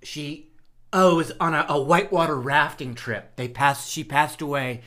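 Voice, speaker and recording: A man's voice: fairly high pitch, normal speed, bright, forceful tone. A man playing a comedic psychic medium on a podcast, speaking in a mock-solemn, theatrical way when he channels spirits. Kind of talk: improvised comedy sketch.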